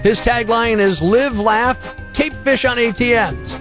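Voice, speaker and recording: A man's voice: very high voice, a little slow, music in the background. A man hosting a morning radio show, talking in a brash, mocking, sarcastic way. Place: radio studio.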